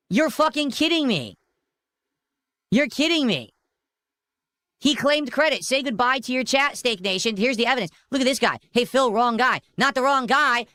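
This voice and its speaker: A man's voice: very high voice, bright, forceful tone, no echo, clean studio sound. A man ranting heatedly on a livestream, profane and threatening. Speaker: streamer. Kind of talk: angry livestream rant.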